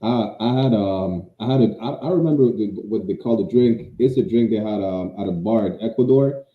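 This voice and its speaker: A man with a lowish voice tells a story with emphasis. He comes through a tinny, phone-like line. The room around him echoes. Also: normal speed. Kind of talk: casual chat.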